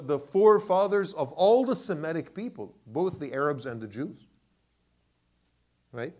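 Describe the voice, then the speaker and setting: A man, an imam, teaching Quran commentary to a class, asking them questions and often repeating words as he goes. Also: on the high side. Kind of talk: classroom lecture with questions to the audience.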